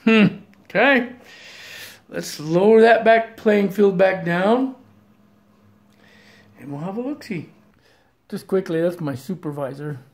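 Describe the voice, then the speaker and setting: A pinball hobbyist chatting to viewers in a casual vlog, thinking out loud and breaking into excited exclamations while showing a repaired machine indoors. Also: medium pitch, slow, pauses often.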